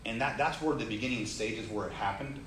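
Animated man telling a story in an echoey room. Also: medium pitch, fairly quick. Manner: animated, acts out quoted people, rising excitement. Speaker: storyteller sharing a testimony. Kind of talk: casual storytelling. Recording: roomy echo, faint ambient noise.

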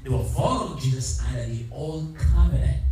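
A male pastor preaching a lively sermon, firing rhetorical questions and calling on the congregation to respond. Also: mid-range voice, moderate pace, a little hiss or hum. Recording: echoey hall, mic far off, music behind.

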